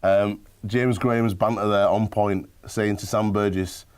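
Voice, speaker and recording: Deep-voiced man hosting a sports radio show. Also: measured pace, music in the background, low-quality recording. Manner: relaxed, friendly, calls people mate. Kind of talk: casual radio banter.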